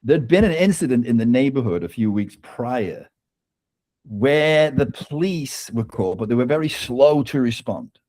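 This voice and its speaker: A man's voice: mid-range voice, animated, normal speed, a little mellow, no echo. A man guest telling a personal story in casual conversation, often tagging sentences with "right?" and laughing between lines. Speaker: author guest.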